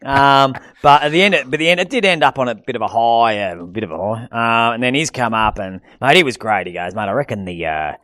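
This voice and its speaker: Rambling Australian bloke, dry room. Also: male voice, medium pitch, expressive, fairly quick, few pauses, fairly bright tone, no room sound. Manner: rambling, self-deprecating, broad slang. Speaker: podcast co-host, comedian. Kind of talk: casual banter.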